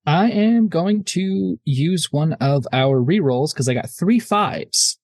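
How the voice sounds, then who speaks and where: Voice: mid-range voice, animated, slow pace, a little mellow, no echo. A tabletop player talking casually and hesitantly, with fillers. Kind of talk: casual tabletop game chat.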